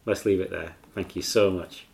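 A man's voice: low-pitched, steady tone, moderate pace, vocal fry, crowd noise. A man interviewing an author, asking meandering questions padded with "kind of". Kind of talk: interview conversation.

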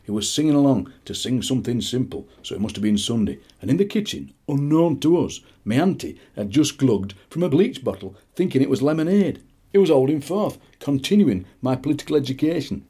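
A man in his sixties with a Yorkshire accent, a poet and radio presenter, reads poetry and chats in a rambling, anecdotal way, chuckling through asides. His mid-range voice is warm and slightly rough, with lively intonation and a brisk pace.

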